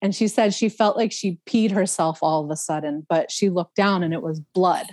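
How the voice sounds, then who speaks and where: A woman, a podcast guest, telling a personal story in a casual, animated way, laughing often and imitating other people's voices. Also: lowish voice, normal speed, no echo.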